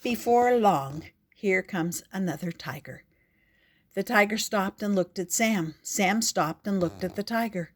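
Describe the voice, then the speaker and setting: An older woman reading a picture book aloud in a gentle, expressive way. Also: medium pitch, a little slow. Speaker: storyteller.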